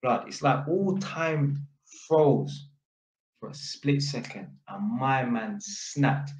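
A man telling a story in a casual, animated way, full of street slang and tag questions. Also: medium pitch, extremely slow. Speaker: vlogger. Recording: echoey room, dull lo-fi sound.

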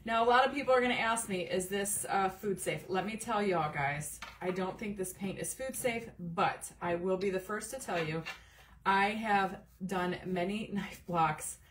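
A woman's voice: mid-range voice, moderate pace, fairly bright tone, distant mic. A middle-aged woman chats through a crafting livestream, greeting viewers by name and wandering into asides. Her voice sits a little off the mic with faint room noise behind it. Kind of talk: casual live crafting chat.

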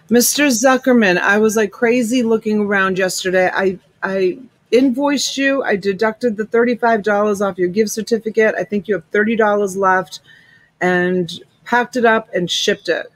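Woman, middle-aged, live-stream seller, casual chat, greets viewers with endearments, medium pitch. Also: dry recording, rough recording. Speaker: live-stream reseller host. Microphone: USB desk mic.

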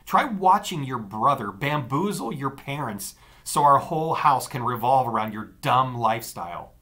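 A cutting, sarcastic teenage girl from an audiobook, as a male narrator puts her on, her voice pitched well up and bright. She speaks with a forceful edge and a lively, swooping delivery. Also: moderate pace. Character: angry scornful teenage girl, the narrator's sister. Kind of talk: audiobook dialogue.

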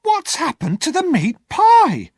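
A man reading a story aloud and voicing a sharp-tongued, bossy woman in a shrieking, commanding tone. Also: extremely high pitch, huge pitch swings, takes it slowly, dry recording, studio quality, voice pushed up, exaggerated voice. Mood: shrill alarm.

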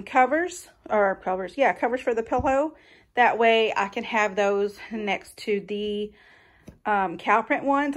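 Chatty woman vlogging her home. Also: on the high side. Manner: chatty and folksy, addresses viewers as y'all. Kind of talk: casual chat to camera.

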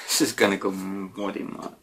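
A man chats through viewer questions in a relaxed, meandering way. His voice sits fairly low yet sounds bright and forceful, and he keeps padding his answers with "you know" and casual swearing. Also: normal speed. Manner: rambling, lots of "you know" and mild swearing. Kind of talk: casual Q&A chat.

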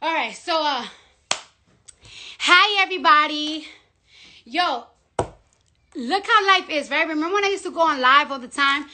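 A young woman rambles on a casual live stream, excitable and profane. Her voice sits high and sounds bright and forward. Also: a little slow, pauses often, slight background noise.

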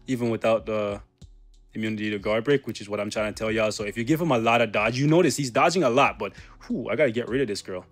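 A young man giving casual, slangy commentary over his own gameplay, joking and breaking into loud laughs. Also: on the low side, fast, faint music behind. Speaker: gaming channel host.

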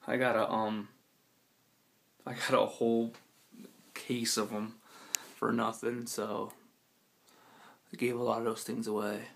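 Guy with a super gravelly scratchy voice, low and flat, rambling through his collection with lots of ums. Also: measured pace, pauses often. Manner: laid-back, rambling, with many ums and casual swearing. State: scratchy, hoarse voice. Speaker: collector giving a room tour. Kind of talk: casual collection walkthrough. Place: his room at home.

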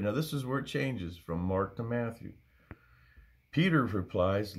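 A man's voice: medium pitch, fairly quick. A middle-aged man teaching a Bible study in an earnest, conversational way, often repeating phrases for emphasis.

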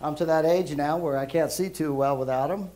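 A middle-aged man gives a casual church sermon, his voice on the high side for a man. He talks loudly and rambles, filling pauses with plenty of ums and uhs. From Brooklyn, New York, raised in Europe. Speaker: guest preacher.

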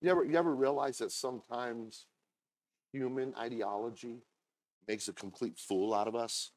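A pastor with a medium-pitched voice preaches a sermon, speaking conversationally and making asides to the congregation. When he reads scripture, he slows down and reads deliberately.

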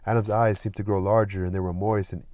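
A man reading a classic novel aloud as an audiobook narrator, in a plain steady way. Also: lowish voice, quick pace, no echo. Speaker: audiobook reader. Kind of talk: scripted narration with light character voicing.

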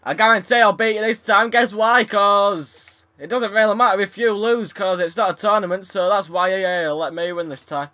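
Frustrated gamer, high bright voice. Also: male voice, fairly even intonation, moderate pace, hardly any pauses. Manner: frustrated, swearing, sarcastic. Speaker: gaming YouTuber. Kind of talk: let's play commentary.

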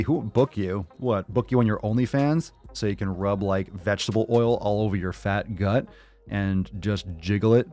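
A man with a fairly low voice rants through a reaction video, swearing at every turn and mocking what he sees. He sounds fired up and scornful as he talks straight to his viewers. Faint music plays underneath. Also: normal speed, a little mellow. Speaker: fitness video host. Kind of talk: profane ranting reaction commentary.

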